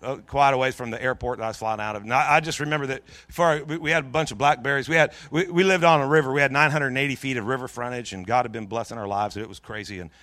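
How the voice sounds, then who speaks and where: A middle-aged man preaching in a church, telling a long personal story in a jokey, lively way with many restarts. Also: medium pitch, rapid-fire, few pauses, dry recording. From Pacific Northwest of the US. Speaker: pastor. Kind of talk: storytelling sermon.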